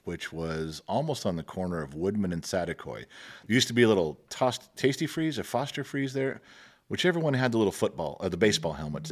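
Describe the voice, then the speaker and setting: A middle-aged man with a very low voice, speaking into a podcast microphone. He tells long work stories in a relaxed way, chuckles often, and acts out the people he quotes. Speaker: guest. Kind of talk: casual storytelling.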